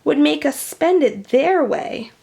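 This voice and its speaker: A woman's voice: high-pitched, animated, slow, vocal fry, warm tone, voice pushed up, heavily acted. A woman voicing a clever young schoolboy explaining plans in a children's storybook. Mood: eager. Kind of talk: storybook read-aloud.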